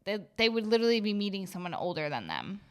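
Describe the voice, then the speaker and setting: A young woman co-hosting a casual podcast chat, animated, laughing often and saying "like" a lot. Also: mid-range voice, quick pace, smooth. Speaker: podcast co-host.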